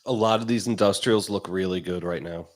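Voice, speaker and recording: A man discussing stock charts in casual chat over a video call, measured and plain. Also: deep voice. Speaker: research director co-host.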